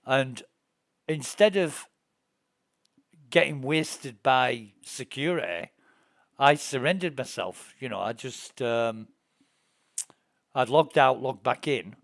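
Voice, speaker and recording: A man's voice: mid-range voice, lively intonation, slow, creaky, pauses often, a bit bright, no echo, clean studio sound. Middle-aged man, sweary streamer. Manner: rambling, profane, indignant anecdotes. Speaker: game streamer. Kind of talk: casual gameplay chat and storytelling.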